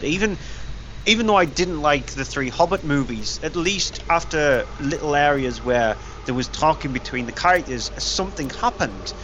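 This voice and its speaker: A man's voice: on the high side, fairly bright tone. A man co-hosting a film review show, blunt and dismissive in his criticism. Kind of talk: casual film review chat. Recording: dull lo-fi recording, faint hiss.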